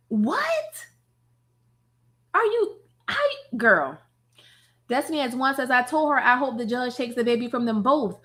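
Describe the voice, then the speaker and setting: A woman streamer giving sassy, mocking reaction commentary, heavy on slang and loud laughter. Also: on the high side.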